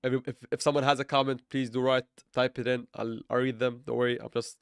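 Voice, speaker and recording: A man's voice: mid-range voice, flat delivery, quick pace, vocal fry, smooth, no echo, clean studio sound. A man livestreaming his crypto trades, rambling and correcting himself, with playful sarcasm and frequent laughs. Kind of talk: live trading stream chat.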